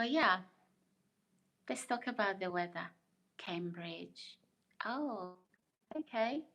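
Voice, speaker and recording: Middle-aged woman host for a casual live stream; slow, low-set voice, chatty and quick to laugh while reading viewer comments. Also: a bit bright. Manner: chatty, laughs often, muses aloud.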